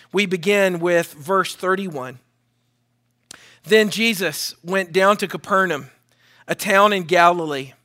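A man preaching to his congregation in a church sanctuary, his voice sitting high for a man. He reads scripture and then preaches in an earnest, measured way, drawing call-and-response from the congregation. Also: fairly bright tone. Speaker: pastor. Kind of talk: sermon with scripture reading.

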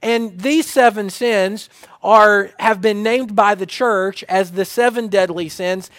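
A middle-aged pastor delivers a sermon in a fairly high voice, hammering home his points through repetition. The sound is dry and close, with no room echo. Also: steady tone, slow, a bit bright. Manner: repetitive preaching cadence, restarts.

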